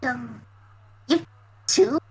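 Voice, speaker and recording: A woman's voice: sits high, slightly rough, exaggerated voice, low-quality recording. A woman voicing a shy young toon. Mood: curious. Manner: hesitant, halting, many ums. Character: shy young toon, half-human outsider. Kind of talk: voiced role-play.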